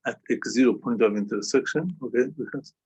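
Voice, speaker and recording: A man's voice: mid-range voice, a little fast, darkish tone, husky. A man teaching a calculus lesson over a video call, who keeps checking understanding with a questioning "yeah?". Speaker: math tutor.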